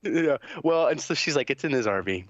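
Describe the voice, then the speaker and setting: A man's voice: a little high, lively intonation, a little fast, a bit bright, dull audio. A man hosting a podcast, telling a long story in casual chat, rambling and swearing, with many fillers and quoted dialogue. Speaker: podcast host.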